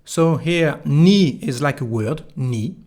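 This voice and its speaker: This online French lesson is taught in English by a man from France whose voice is a little high, animated and slightly mellow. With a French accent, he takes it slowly, explaining each word carefully and modeling phrases for repetition.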